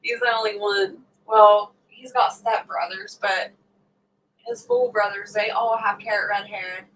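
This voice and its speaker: A woman's voice: mid-range voice, steady tone, measured pace, a bit bright. A middle-aged woman hosting a casual livestream, chatting and laughing with viewers and acting out what others said. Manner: chatty and laughing, acts out quoted talk. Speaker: livestream host. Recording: voice a bit distant from the mic, faint background noise.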